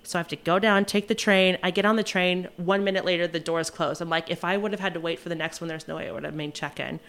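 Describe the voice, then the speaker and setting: A young woman, a flight attendant, telling a rushed travel story in casual chat, acting out quotes and laughing often. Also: fairly low pitch, steady tone, a bit bright.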